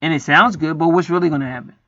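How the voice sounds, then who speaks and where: A man's voice: a little high, racing, pushed and bright, no room sound. Rambling, profane man, dull sound. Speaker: spiritual video host. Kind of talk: casual monologue to camera.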